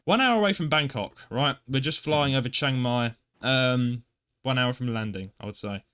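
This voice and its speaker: Young man, podcast co-host, casual storytelling, self-deprecating, animated. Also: medium pitch, normal speed, smooth. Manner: animated, self-deprecating, acts out his own reactions.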